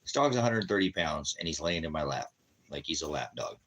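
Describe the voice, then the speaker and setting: A man's voice: very deep voice, lively intonation, a little fast, fairly bright tone, slightly rough. A man preaching casually on a live stream from home, rambling, joking and talking to his dogs.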